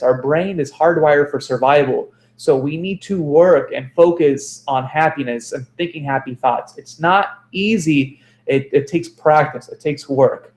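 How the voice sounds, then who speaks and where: A man's voice: fairly high pitch, darkish tone, roomy sound. A man giving a motivational self-help talk, repeating phrases for emphasis and correcting himself as he goes.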